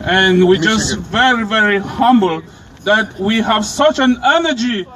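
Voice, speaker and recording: High-voiced man giving a fiery rally speech. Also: measured pace, bright, forceful tone, a little hiss or hum, rough recording. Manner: impassioned, declaiming. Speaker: rally speaker.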